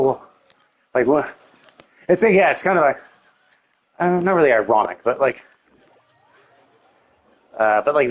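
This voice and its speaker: A man streaming a video game, rambling casually and venting his annoyance with lots of swearing and filler words. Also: mid-range voice. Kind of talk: casual gameplay commentary.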